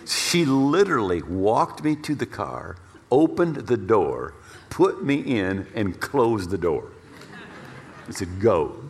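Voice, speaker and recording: Man, pastor, storytelling sermon, lively swings in pitch, repeats words for emphasis. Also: slow pace, slight background noise. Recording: long reverb of a large hall.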